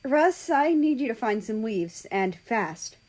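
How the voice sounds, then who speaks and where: A woman voicing a young male cat who speaks high, loud and urgent. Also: sing-song, takes it slowly, exaggerated voice.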